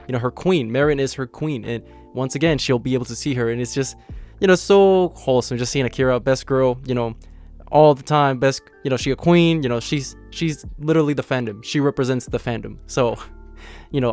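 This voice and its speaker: A man hosts his own channel with a hoarse, raspy voice worn down by illness. He stays cheerful and chatty, sitting at an ordinary middle pitch and leaning on loose filler words as he walks through a manga chapter. Soft music plays faintly behind him. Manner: upbeat and chatty, full of "you know" fillers and laughs. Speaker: anime channel host. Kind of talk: casual manga chapter review.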